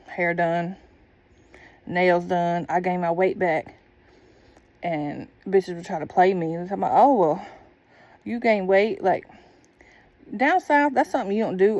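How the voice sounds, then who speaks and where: A woman's voice: on the low side, warm tone, no echo. A woman telling a candid personal story in a blunt, profane, casual monologue. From Southern United States.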